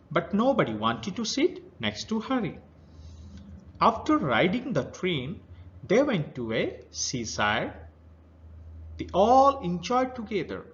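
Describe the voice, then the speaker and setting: A man's voice: sits high, highs cut off. A male teacher with an Indian English accent who reads a children's story aloud and then retells each passage in simple words. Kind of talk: reading a story aloud and explaining it.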